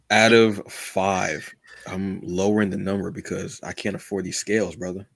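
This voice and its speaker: A lower-voiced man co-hosting a casual podcast, full of jokes and banter. His voice is dry and close, with no room sound around it. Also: gravelly, fairly bright tone, dry recording. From United States. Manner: playful and joking, calls his co-host "brother", turns earnest. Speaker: podcast co-host.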